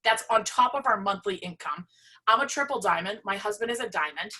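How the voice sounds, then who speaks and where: A woman giving a passionate, emphatic motivational pitch about her business. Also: animated, brisk, bright, forceful tone. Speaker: presenter sharing her business story.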